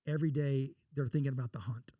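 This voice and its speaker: A man's voice: mid-range voice, steady tone, quick pace, warm tone, no room sound, clean studio sound. A man from Texas, an investor guest in an interview, telling blunt, folksy stories and acting out the dialogue in them. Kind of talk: casual interview storytelling.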